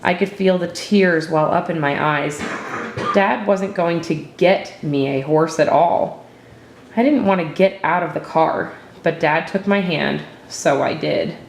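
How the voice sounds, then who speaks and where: A woman narrating a story in the first person, with a steady, reflective storytelling manner, recorded in an echoey room. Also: low voice, unhurried, creaky, slight background noise. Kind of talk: storybook reading.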